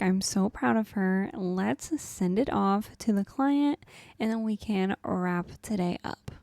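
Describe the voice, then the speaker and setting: A young woman chats her way through a life-sim game in a relaxed, upbeat tone, talking straight to her viewers. Her voice is mellow and soft-edged. The sound is dry and close, with almost no room around it. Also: medium pitch, dry recording. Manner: chatty, upbeat, talks to viewers as "guys" and "y'all". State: has the hiccups. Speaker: gaming channel host. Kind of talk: casual gameplay commentary.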